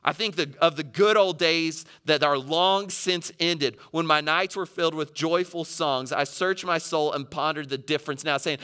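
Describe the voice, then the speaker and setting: A man preaching a sermon, building from quiet reflection to impassioned, near-shouted readings of a psalm. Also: on the high side, normal speed, few pauses, clean tone. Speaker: pastor.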